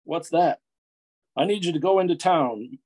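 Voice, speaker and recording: A man's voice: on the high side, moderate pace, a little mellow, pitched above the performer's own voice, natural voice. A man voicing a blunt, bossy middle-aged captain giving orders in a storybook reading.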